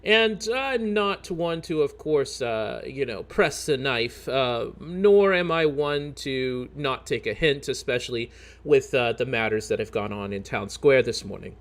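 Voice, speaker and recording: A man voicing a worried, overly polite male shopkeeper in a tabletop game, speaking haltingly. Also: mid-range voice, animated. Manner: hesitant, halting, overly courteous.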